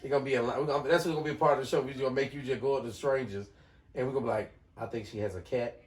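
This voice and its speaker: Fast-talking teasing man, echoey room. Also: medium pitch, steady tone. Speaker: podcast co-host. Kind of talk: casual chat.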